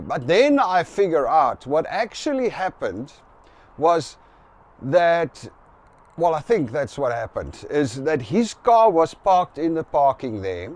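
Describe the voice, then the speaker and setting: A man's voice: on the high side, sing-song, measured pace, darkish tone. A middle-aged South African man with a South African accent, casually recounting a story to camera and acting out both sides of an argument. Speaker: vlogger.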